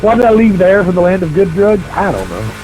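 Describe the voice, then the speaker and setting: A man's voice: high voice, very animated, brisk, music in the background, low-quality recording. A middle-aged man telling a long, profane, rambling story on a game stream.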